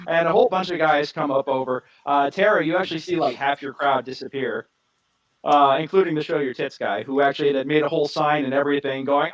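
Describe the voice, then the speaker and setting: A man running a tabletop game as game master, lively and quick to slip into voices for side characters. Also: a little high, low-quality recording.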